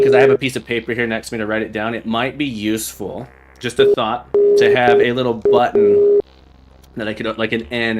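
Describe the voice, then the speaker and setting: A man's voice: mid-range voice, very noisy. A man hosting a livestream, playing a game and thinking aloud as he sounds out Morse code beeps. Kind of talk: casual livestream chat while playing.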